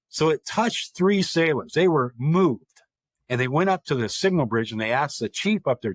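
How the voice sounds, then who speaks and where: A man's voice: on the high side, lively intonation, moderate pace, no echo. A man speaking as a guest and telling a vivid, dramatic story, quoting people directly as he goes. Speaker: guest, historic park chief of staff.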